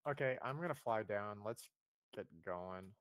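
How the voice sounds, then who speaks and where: Low-voiced young man on voice chat. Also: measured pace, a bit bright, no echo. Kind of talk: casual gaming voice chat.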